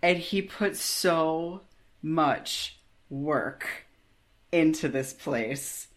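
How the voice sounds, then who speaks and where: A woman's voice: low-pitched, extremely slow. A woman co-hosting a podcast, reacting with enthusiasm and joking casually about a book. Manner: enthusiastic, laughs often, animated reactions. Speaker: podcast co-host. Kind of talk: casual comedic book discussion.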